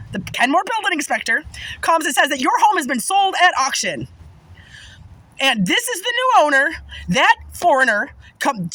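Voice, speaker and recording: A woman's voice: high voice, pushed and bright, poor audio. A woman telling a personal story in casual monologue, agitated and emphatic, swearing often.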